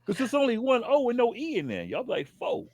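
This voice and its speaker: Man, New York accent, playful podcast co-host, very lively pitch, dry close sound. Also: quick pace, no room sound. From Bronx, New York. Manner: playful, laughing, acts out dialogue. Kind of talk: casual chat.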